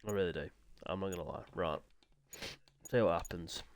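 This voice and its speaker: A man commentating live sim motorbike racing on his own stream, excitable and chatty with joking asides. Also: low-pitched, moderate pace. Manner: excitable, chatty, self-deprecating, swings to exasperated asides. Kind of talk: live esports race commentary.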